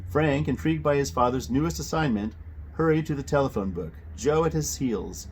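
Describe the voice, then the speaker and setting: A man reading a children's mystery novel aloud, expressive, with occasional self-corrections. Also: medium pitch, fairly quick, a little hiss or hum. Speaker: audiobook reader.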